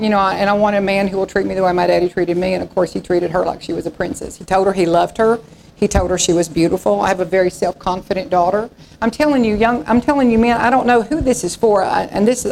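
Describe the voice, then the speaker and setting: A woman in her sixties preaches a sermon with a gravelly, slightly creaky edge to her voice. She tells stories in a folksy way and slips into the voices of the people in them. A faint hum sits behind her. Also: mid-range voice, steady tone, quick pace, darkish tone, low-quality recording. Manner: folksy storytelling preacher, acting out quoted voices. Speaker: pastor.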